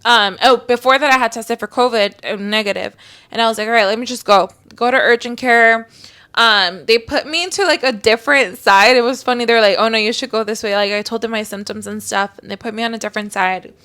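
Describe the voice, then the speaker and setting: A woman's voice: fairly high pitch, fairly quick, pushed and bright, smooth. A young adult woman co-hosting a podcast, telling a story in a chatty, casual way with lots of fillers and some swearing. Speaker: podcast co-host.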